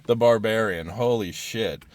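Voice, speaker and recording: A man hosting a casual podcast chat, excitable, laughing often and breaking off mid-sentence to start over. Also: lowish voice, unhurried, dry recording. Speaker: podcast host.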